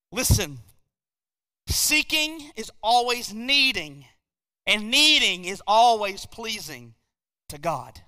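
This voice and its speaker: A man preaching a sermon in a church, telling a story with animated energy and frequent restarts. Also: extremely high pitch. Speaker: pastor. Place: church sanctuary. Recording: long reverb of a church hall.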